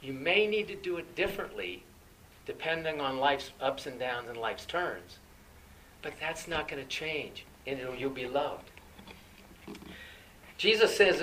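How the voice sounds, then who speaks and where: A man's voice: a little high, animated, moderate pace, pauses often, a bit bright, far from the mic, slight background noise, low-quality recording. A man preaching a conversational sermon, asking his listeners questions and answering them.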